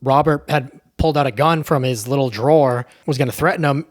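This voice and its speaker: A man's voice: medium pitch, fairly quick. Chatty, cussing young man recapping a film. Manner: chatty, profane, tags lines with "right?". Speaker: movie reviewer. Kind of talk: casual movie recap.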